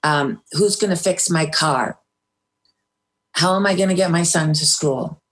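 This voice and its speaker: A woman's voice: lowish voice, unhurried. A middle-aged woman, a guest in an interview, recounting a hard time candidly and with feeling, with some hesitant restarts. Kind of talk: personal storytelling in an interview.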